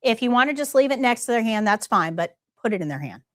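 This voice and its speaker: A woman's voice: a little high, very animated, fast, fairly bright tone, no echo, studio quality. Emphatic woman teaching a nursing class. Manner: emphatic, repeats key points, asks the class questions. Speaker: nursing instructor.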